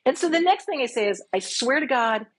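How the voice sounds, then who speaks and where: A woman in her fifties tells a dating story as a podcast guest. Her voice sits high and a little husky. She talks casually and with life, and she acts out her own lines from back then. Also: lively intonation, brisk, low-quality recording. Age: 50s.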